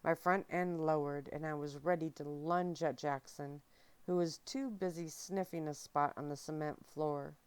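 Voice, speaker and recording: A woman giving a soft, steady ASMR reading of a novel aloud, close to the mic. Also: sits low, clean tone. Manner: soft, steady, unhurried narration. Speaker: audiobook reader.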